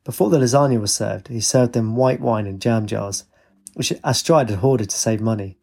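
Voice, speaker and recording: A man reading a story aloud in a steady, even storytelling manner. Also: on the low side, normal speed, vocal fry, slightly rough. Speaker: narrator. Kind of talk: storybook narration.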